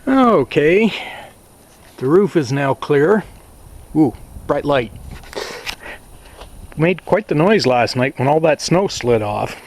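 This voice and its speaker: A man narrating a casual vlog at his small off-grid cabin, talking slowly and plainly to himself with sighs and asides. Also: fairly high pitch, lively intonation, darkish tone, a little hiss or hum. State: out of breath. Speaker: cabin owner filming his visit.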